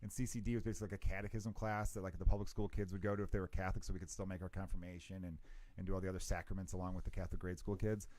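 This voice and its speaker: A man's voice: low-pitched, little pitch movement, racing, darkish tone. A man from Chicago hosting a comedy podcast, rambling and joking with a lot of swearing. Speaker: podcast host. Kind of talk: casual comedy podcast chat.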